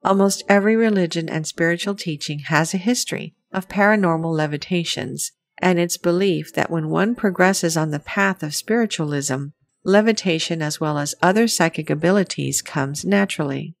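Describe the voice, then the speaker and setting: A woman reading a scripted documentary narration in an even, measured way. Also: on the low side, no room sound.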